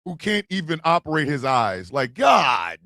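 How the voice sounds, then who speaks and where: A man hosting a comedy show, ranting in a profane, animated way with yelled bursts. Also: fairly high pitch, a little slow, no echo, clean studio sound. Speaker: host. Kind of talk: comedic rant commentary.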